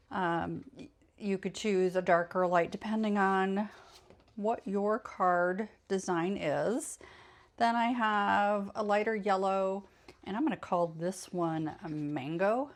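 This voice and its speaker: A woman hosting a casual craft tutorial, chatty and meandering, often correcting herself mid-sentence and sounding a bit tired. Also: mid-range voice. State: tired, yawning late in the evening. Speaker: craft channel host.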